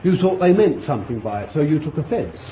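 A man preaching a sermon, telling the story vividly and swinging between loud appeals and hushed asides. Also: on the high side, sing-song, quick pace, slight background noise. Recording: echoey dull room recording.

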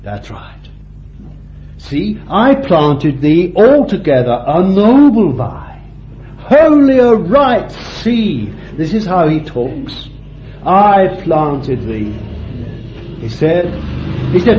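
A man preaching a sermon with deliberate phrasing, climbing to fervent high peaks and then dropping low and quiet. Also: sing-song, slight background noise. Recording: dull lo-fi sound in a roomy hall.

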